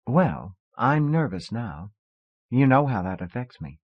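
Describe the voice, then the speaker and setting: A man's voice: mid-range voice, big pitch swings, unhurried, breathy edge, dry recording, voice pushed up. A man reading an audiobook voices a frank, teasing young woman in a lightly raised voice, on a dull lo-fi cassette recording. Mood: sheepish.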